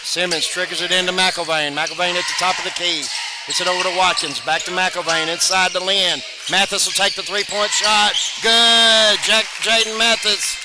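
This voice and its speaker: High-voiced man calling basketball play-by-play. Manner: rapid calls, bursts of excitement on made shots. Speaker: play-by-play announcer. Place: high school gym. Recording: noisy gym ambience behind voice.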